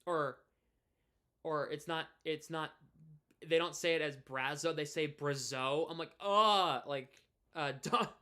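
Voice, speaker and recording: A man's voice: on the high side, little pitch movement, measured pace, long pauses, fairly bright tone. A man of twenty from New England, chatting casually on a live stream and rambling through many restarts and fillers. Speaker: live streamer and hockey podcaster.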